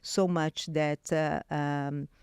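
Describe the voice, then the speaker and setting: A woman's voice: sits low, drawn-out words, clean tone, no echo, clean studio sound. Brazilian-accented woman telling a personal story. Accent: Brazilian Portuguese. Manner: animated, many restarts and fillers. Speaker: guest.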